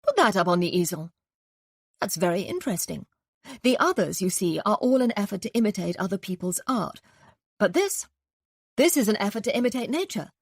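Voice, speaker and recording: A woman reading an audiobook, voicing a chatty upper-class gentleman detective with playful drawling asides. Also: medium pitch, big pitch swings, a little fast, no room sound, clean studio sound. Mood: analytical.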